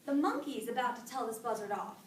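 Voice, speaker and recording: On the high side and a little fast, a young woman's voice carries a folk tale told casually to a group. She's animated and chatty, with fillers. She sits off-mic in an echoey room, and there's slight background noise.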